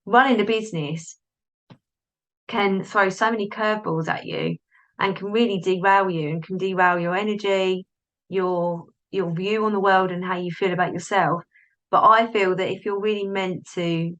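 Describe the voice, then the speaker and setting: A woman's voice: lowish voice, fairly bright tone, poor audio. Woman doing a solo podcast, chatty, keeps cutting herself off and acting out little voices, built-in mic. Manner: chatty, self-interrupting, acts out inner voices. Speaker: podcast host, business coach. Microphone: device's built-in mic, not the plugged-in one.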